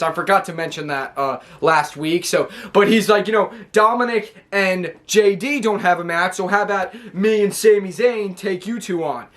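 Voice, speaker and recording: A man's voice: high voice, a bit bright. A man casually recapping a wrestling show, rambling with lots of fillers and restarts.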